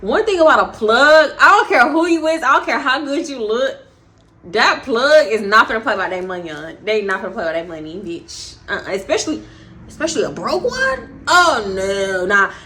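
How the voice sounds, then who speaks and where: A woman's voice: a little high, animated, normal speed, sharp tone. Brash, profane young woman telling a story. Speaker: vlogger. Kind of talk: storytime vlog.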